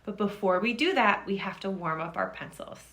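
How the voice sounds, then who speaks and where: A woman's voice: mid-range voice, animated, brisk, a bit bright, reverberant. A woman teacher leading young children through arm stretches and jumping jacks, coaxing and counting along in an upbeat way. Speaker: reading teacher. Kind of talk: leading a movement warm-up for children.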